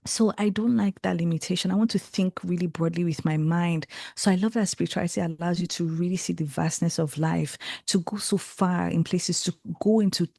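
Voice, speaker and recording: A woman's voice: lowish voice, fairly quick, creaky, few pauses, no echo, clean studio sound. A young Nigerian woman talking in a casual interview, reflective and earnest, often restarting her sentences. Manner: earnest, reflective, animated with frequent self-corrections. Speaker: guest, creative and tarot reader.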